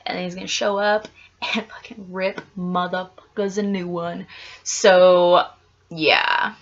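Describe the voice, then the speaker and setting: A woman's voice: fairly low pitch, fairly even intonation, slow, highs cut off. A woman vlogger chatting casually to camera, rambling with lots of "like" and the odd casual swear.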